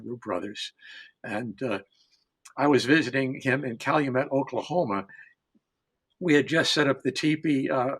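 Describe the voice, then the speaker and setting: A man with a slightly husky, middle-pitched voice tells a personal anecdote on a panel. He takes his time, pausing on fillers and chuckling as the story unfolds toward its punchline. The voice stays easygoing and conversational. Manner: unhurried, halting with frequent "uh" fillers, chuckles through the telling; warm anecdotal tone, builds to punchlines.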